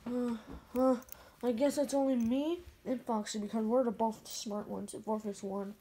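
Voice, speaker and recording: A woman's voice: a little high, fairly even intonation, normal speed, warm tone, slight background noise. A woman acting out a toy adventure, voicing several characters with hesitant fillers and repeated words. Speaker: toy play narrator.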